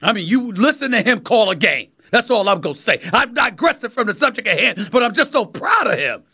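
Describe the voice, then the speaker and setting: A New man in his fifties holding forth as a sports talk host, his voice pitched unusually high and ringing bright and forceful. He preaches his points emphatically, hammering them home by repeating phrases. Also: sing-song, fairly quick, husky. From New York City. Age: 50s. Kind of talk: sports commentary monologue.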